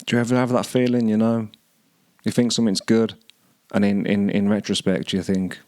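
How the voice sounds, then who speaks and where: A man hosting a podcast, musing over song lyrics and often pausing to search for words. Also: fairly low pitch, little pitch movement, darkish tone, dry recording. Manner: hesitant, searching for words, many restarts. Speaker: podcast host.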